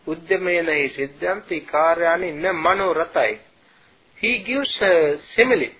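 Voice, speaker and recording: A man giving a slow, halting dharma talk as a Buddhist teacher, chanting verses between his explanations. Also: fairly high pitch, slightly rough. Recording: dull lo-fi recording.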